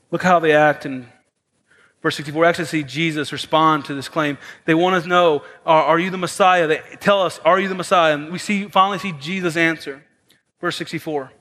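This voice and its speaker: A man preaching a sermon as pastor, moving between soft, hushed lines and raised, emphatic ones. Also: a little high. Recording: long hall reverb.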